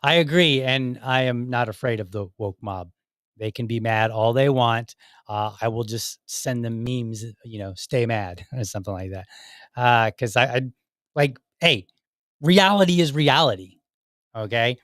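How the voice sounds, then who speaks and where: A man's voice: medium pitch, moderate pace, a bit bright, no echo, studio quality. A man hosting his own podcast in a casual live-stream talk, rambling with many fillers and restarts. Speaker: podcast host.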